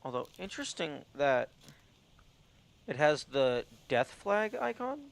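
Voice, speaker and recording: A man's voice: on the high side, sing-song, slow pace, creaky. Man thinking aloud over a puzzle game. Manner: thinks aloud, mutters, swears casually. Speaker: game streamer. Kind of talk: let's play commentary.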